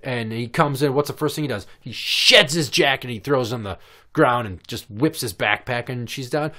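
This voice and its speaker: A man's voice: a little fast, fairly bright tone. A man in his thirties hosting a podcast, telling stories in casual, profane, sarcastic chat. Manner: profane, sarcastic, mimics kids in a high voice. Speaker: podcast host.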